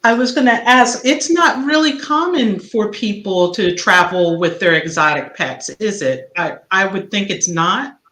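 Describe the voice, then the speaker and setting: A woman's voice: medium pitch, lively intonation, a little slow, few pauses, pushed and bright, reverberant. A woman podcast host in a casual interview, affirming and laughing along with her guest.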